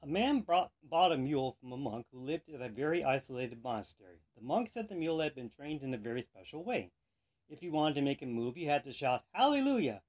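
A man hosting a podcast, telling jokes in an animated storytelling manner. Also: medium pitch, fairly quick. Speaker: podcast host. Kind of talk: joke telling.

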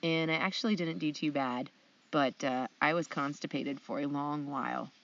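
A young adult woman telling a funny story in casual chat, animated and acting out dialogue, with many fillers. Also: deep voice, normal speed, creaky, distant mic. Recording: dry, dull sound.

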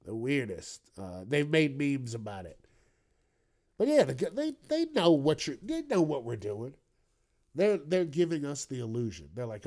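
A man's voice: medium pitch, big pitch swings, normal speed, dark tone. A man hosting a podcast, riffing through the news alone in a loose, rambling way, full of swearing and joking asides. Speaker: podcast host. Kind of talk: casual solo news commentary.

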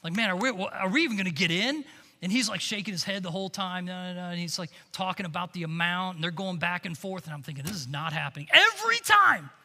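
A man delivers a storytelling sermon in a high, very bright voice. He drops to hushed lines and then rises to loud, emphatic peaks. The sound carries a long reverb from a large hall. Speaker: camp director and preacher.

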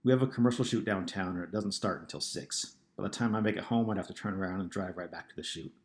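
Brief: defensive, clipped husband, low voice, done by the narrator; audiobook. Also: male voice. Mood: hurried. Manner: curt, defensive, hurried. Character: defensive, irritated husband, man. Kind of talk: audiobook character voice.

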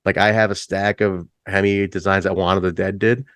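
Middle-aged band guy, low-pitched, dry close sound, easygoing and profane; pitch jumps on story peaks. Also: flat delivery, fairly quick, fairly bright tone, clean tone, dry recording. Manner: laid-back, swears freely, says "like" often, jumps high when acting out stories. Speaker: band musician, interview guest. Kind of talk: casual storytelling chat.

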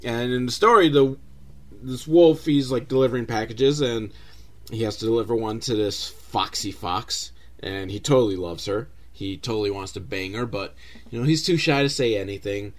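A man's voice: mid-range voice, normal speed. A man hosting a comedic movie recap, sarcastic, profane and rambling. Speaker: host, film reviewer.

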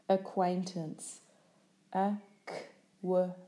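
A woman teaching a spelling lesson, saying each sound and syllable slowly and carefully. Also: on the low side, steady tone, warm tone.

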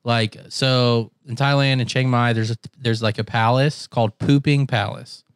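Animated young man, dry close mic. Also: mid-range voice, normal speed, smooth, no room sound. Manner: animated storyteller, mimics voices and laughs a lot. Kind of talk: casual chat.

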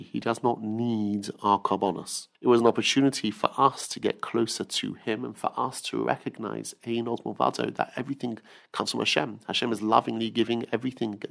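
A man gives an earnest Torah talk in a gravelly voice of middling pitch. He tells stories and acts out the voices of the people in them. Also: fairly bright tone. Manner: earnest storytelling, acts out the quotes. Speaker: rabbi teacher.

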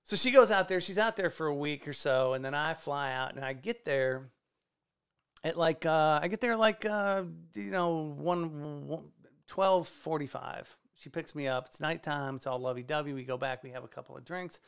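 A man, a stand-up comedian, telling a rambling profane story on a casual podcast with excitable energy. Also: on the high side, moderate pace. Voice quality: gravelly, excitable, swears freely.

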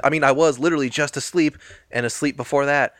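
A man casually recapping a movie plot with wry, deadpan jokes, as a podcast co-host. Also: on the high side, fast talker, dry recording, studio quality.

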